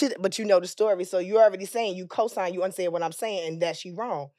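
A woman in her thirties co-hosting a podcast, telling candid stories in casual chat with frequent cursing and loud, high outbursts when she jokes. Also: brisk, dry recording, studio quality. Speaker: podcast co-host.

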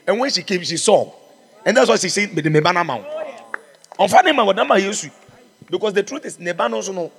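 Preacher guy, high-ish husky voice, big echoey church hall. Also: fairly bright tone. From Ghana. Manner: fervent, exhorting, calls out to congregation. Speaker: pastor. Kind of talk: sermon.

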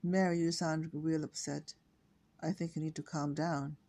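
Older woman reading as a fretful gentle mother. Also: sits low, flat delivery, measured pace. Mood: concerned.

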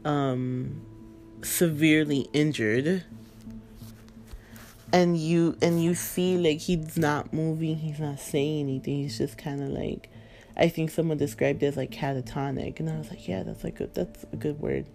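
A woman's voice: sits low, steady tone, unhurried, darkish tone. A woman chatting casually and emotionally about a film, rambling with lots of fillers. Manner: rambling, filler-heavy, emotional, laughing through tears. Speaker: movie fan vlogger. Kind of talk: casual chat.

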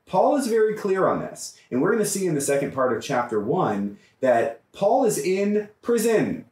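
Animated male priest in echoey room. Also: sits high, normal speed. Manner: animated, emphatic, often checks in with "right?". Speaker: priest teaching a Bible study. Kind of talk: Bible study lecture. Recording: echoey room, mic far off.

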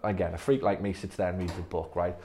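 A man's voice: deep voice, steady tone, fast, warm tone. A man leading a staff training session, blunt and emphatic, swearing freely. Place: physio clinic room.

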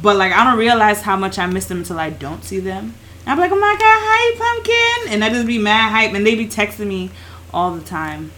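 A woman's voice: mid-range voice, brisk, bright, forceful tone. A young woman in casual chat who teases, swears and acts out quoted lines. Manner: teasing, profane, acts out quotes.

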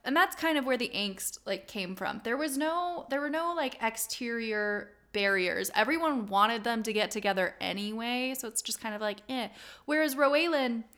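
A young woman co-hosting a casual podcast, speaking in a slightly higher voice. She argues her points emphatically and swears for emphasis. Her delivery is loose and conversational. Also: expressive, moderate pace, a bit bright. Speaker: podcast co-host. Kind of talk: casual chat.

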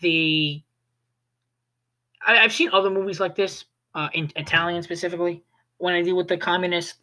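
A young adult with a medium-pitched, bright, forceful voice talks at a moderate pace with fairly even intonation. It's a casual spoken movie review that rambles, packed with "like," restarts, and self-corrections.

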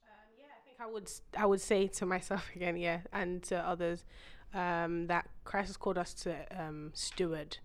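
Female podcast guest, slightly low voice, hesitant, lots of pauses and fillers. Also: fairly even intonation. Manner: hesitant, searching for words. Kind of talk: casual faith podcast chat.

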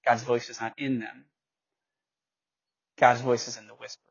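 A man's voice: medium pitch, little pitch movement, moderate pace. A young man teaching a Bible class in a loose, conversational way, reading scripture aloud and correcting his own slips. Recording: dull lo-fi recording.

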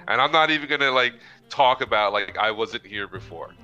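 A man's voice: medium pitch, expressive, a little fast, bright, forceful tone, lo-fi sound, soft background music. A man playing a tabletop game, chattily describing what his character does. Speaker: player. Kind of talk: casual tabletop play.

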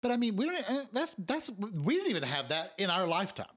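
A man's voice: high-pitched, very animated, fairly quick, fairly bright tone. A man in casual conversation, musing aloud and acting out quoted remarks. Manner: musing, acts out quotes in different voices. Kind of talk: casual chat.

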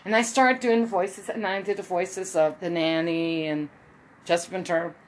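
A woman's voice: lowish voice, fairly even intonation, normal speed, a little hiss or hum. A woman casually talking over a played video clip, rambling and repeating its lines as she speaks about doing voices. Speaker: amateur voice impressionist.

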